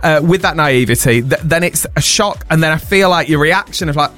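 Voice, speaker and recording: A man with a high speaking voice hosts a breakfast radio show. He chats casually and teases his co-host with quick asides. Faint music sits underneath. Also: a bit bright. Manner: chatty, teasing, quick asides.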